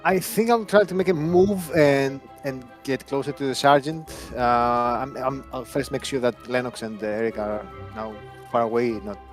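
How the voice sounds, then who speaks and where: A man playing a tabletop horror game who speaks haltingly and stammers, acting as a haughty doctor. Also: mid-range voice, steady tone, faint music behind. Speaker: player. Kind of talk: tabletop role-play.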